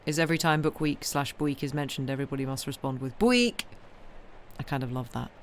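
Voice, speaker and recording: A woman's voice: a bass voice, fairly even intonation, quick pace, slight background noise. A woman hosting a livestream from home. She chats with viewers in a rambling way and says she is tired. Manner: rambling and chatty, replies to chat messages, many ums. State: tired, yawning. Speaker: livestream host reading books aloud. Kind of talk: casual chat with viewers.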